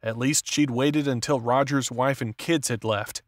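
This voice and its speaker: A man's voice: mid-range voice, no echo. Dry-voiced male audiobook narrator. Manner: steady, measured reading. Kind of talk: scripted narration.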